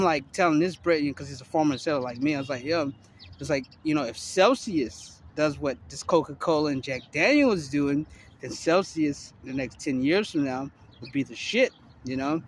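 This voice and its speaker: A man's voice: a little high, a little hiss or hum. A man in his forties from Miami, Florida, talking to camera in a loose, rambling way, full of swearing and fillers. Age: 40s. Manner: loose, profane, heavy filler talk. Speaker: vlogger. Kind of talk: rambling casual monologue to camera. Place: outdoors on a city street.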